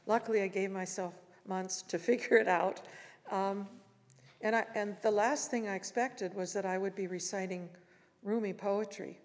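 A woman giving a reflective talk at a morning service and reciting poetry, gentle and unhurried, with long pauses between phrases. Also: mid-range voice, fairly even intonation. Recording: reverberant hall.

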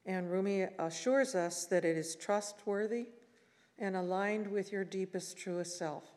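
A woman giving a reflective talk at a morning service and reciting poetry, gentle and unhurried, with long pauses between phrases. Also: mid-range voice. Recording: reverberant hall.

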